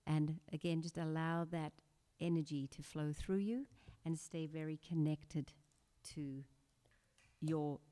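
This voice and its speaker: A woman leads a guided breathwork meditation in a soft, gentle voice, pitched a little low and paced very slowly. Her calm instructions ring out with a long reverb from a large church hall. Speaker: meditation leader. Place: church sanctuary.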